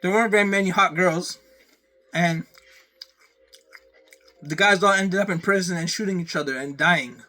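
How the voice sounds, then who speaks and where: A man's voice: sits high, normal speed, long pauses, sharp tone. A man from Canada ranting casually to camera, rambling and profane, repeating his phrases over and over. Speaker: vlogger.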